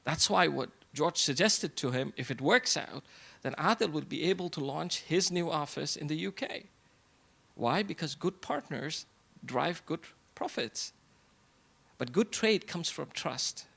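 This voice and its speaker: Gravelly man giving an event speech. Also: a little high, a bit bright. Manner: rhetorical questions, repeated punchlines, addresses audience directly. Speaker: event speaker. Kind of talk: motivational speech to a live audience. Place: event hall before an audience.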